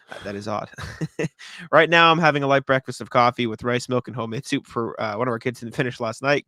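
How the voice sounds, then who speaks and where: A young man co-hosting a sports podcast, reading listener letters in a rapid, chatty way with frequent laughs. His voice is bright and forward, recorded close and dry with no room sound. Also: mid-range voice, dry recording. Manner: quick, chatty, laughs often between remarks. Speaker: podcast co-host. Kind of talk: casual sports podcast chat, reading listener mail aloud.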